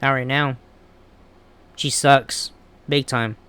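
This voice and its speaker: A man's voice: medium pitch, steady tone, slow pace, sharp tone, clean tone. A man ranting bluntly and with heavy swearing in a casual wrestling commentary vlog. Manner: blunt, profane, heated ranting.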